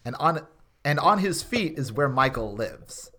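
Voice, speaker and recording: A podcast co-host giving playful, animated commentary and quick jokes in casual chat. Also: medium pitch, slight background noise.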